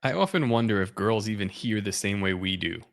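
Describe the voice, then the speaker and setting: A man's voice: fairly low pitch, fairly quick, gravelly. A man co-hosting a podcast in casual chat, dropping wry, joking asides. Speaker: podcast co-host.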